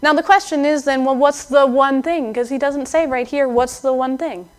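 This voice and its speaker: A young adult woman preaching a sermon in a conversational, expressive way, acting out the voices she quotes. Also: high voice, normal speed.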